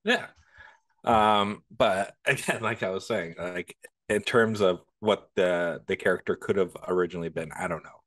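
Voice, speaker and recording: A man's voice: low-pitched, normal speed, a bit bright. A man co-hosting a podcast, talking casually and profanely about a movie. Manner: laid-back, profane, laughs easily. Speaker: podcast co-host. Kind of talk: casual movie review chat.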